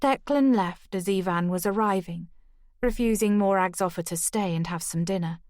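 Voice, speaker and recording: A woman reading a first-person mystery audiobook in a steady, measured way. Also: medium pitch, no room sound, clean studio sound. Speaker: audiobook narrator.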